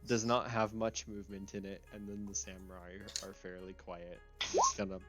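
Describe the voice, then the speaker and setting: A man acting as game master, narrating a tabletop game in a relaxed way, full of ums and uhs. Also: lowish voice, moderate pace, over loud music. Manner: relaxed, with many fillers.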